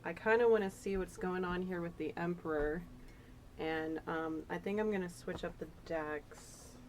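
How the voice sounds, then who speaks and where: A woman with a low voice gives a casual tarot reading, chatty and rambling. She gets emotional as she talks. Faint noise sits behind her. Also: moderate pace, low-quality recording. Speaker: tarot reader.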